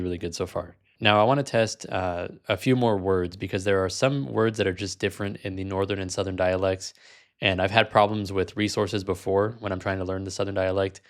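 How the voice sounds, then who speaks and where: Male vlog host, fairly low voice, relaxed and chatty, trips over his words. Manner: casual, many fillers, self-correcting. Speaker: vlog host, language learner. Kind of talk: casual chat.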